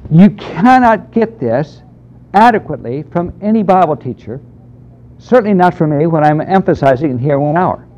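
A man teaching a Bible class in a conversational, emphatic way, taking questions from the room. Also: a little high. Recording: dull lo-fi lecture recording.

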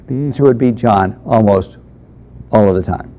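A man's voice: medium pitch, takes it slowly, long pauses, mellow. A man teaching a Bible class in a conversational, emphatic way, taking questions from the room. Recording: dull lo-fi lecture recording.

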